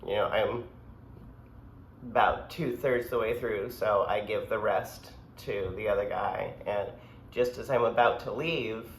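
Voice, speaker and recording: Brief: unhurried, lowish-voiced man, rambling casual storyteller, echoey room. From United States. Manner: laid-back, rambling, filler-heavy. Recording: echoey room, faint background hum.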